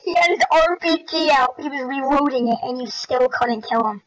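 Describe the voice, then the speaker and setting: A gamer loudly exclaiming and blaming a teammate during a team shooter match. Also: high-pitched, moderate pace, background noise. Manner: loud, exclaiming, blames teammate. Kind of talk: excited gaming chat. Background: game music.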